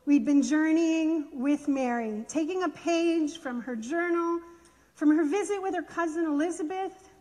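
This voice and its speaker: A woman gently and expressively reading a children's story aloud in a church worship service. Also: sits high, unhurried, in a large hall.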